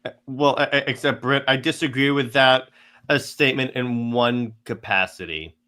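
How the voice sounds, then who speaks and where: A man's voice: mid-range voice, normal speed, bright, forceful tone. A man co-hosting a casual comics podcast, stating strong opinions with frequent stammers. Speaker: podcast co-host. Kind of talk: casual chat about comics.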